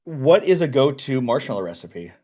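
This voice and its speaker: A man's voice: medium pitch, moderate pace. Brief: easygoing male co-host who rambles and jokes in casual stream chat. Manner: relaxed, rambling and joking.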